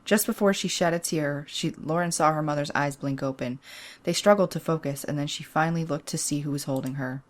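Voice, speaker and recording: A woman with a low voice hosts a let's play, reading the story text aloud. Her narration is chatty and breaks into giggles between passages. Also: brisk. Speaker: host.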